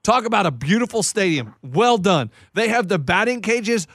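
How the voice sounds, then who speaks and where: A man co-hosting a casual podcast, telling an animated story with quick restarts and stammers. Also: high-pitched, no echo. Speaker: podcast co-host. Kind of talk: casual chat.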